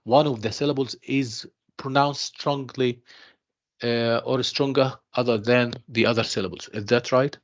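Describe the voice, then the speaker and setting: A man teaching an English pronunciation class online, speaking slowly and repeating himself, mixing in explanations. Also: mid-range voice, steady tone. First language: Arabic. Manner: slow, repeats himself, calls students "dear students", mixes in Arabic explanations. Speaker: university English tutor. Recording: dull lo-fi online class audio.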